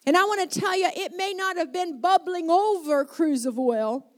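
Woman, pastor, sermon, high voice, dramatic retellings, slowing and speeding up. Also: expressive. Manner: preaching with dramatic retellings of scripture, shifting pace. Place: church sanctuary with congregation.

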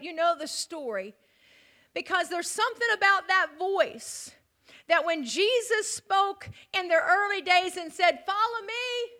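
A woman preaching a sermon, telling the story dramatically, dropping to near whispers and building to loud emphatic peaks. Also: very high-pitched.

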